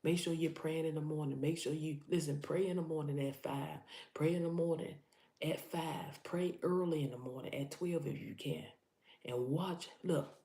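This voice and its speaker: A woman's voice: low voice, dark tone, reverberant. A woman giving an impassioned preaching vlog, talking urgently to her listeners and repeating herself for emphasis. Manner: urgent, repetitive, addresses listeners directly. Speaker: motivational preacher.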